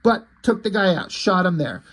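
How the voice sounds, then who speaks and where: A man's voice: high-pitched, expressive, normal speed, a bit bright. Rambling, profane man recapping a comic. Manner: profane, rambling, frequent fillers. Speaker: comic book reviewer.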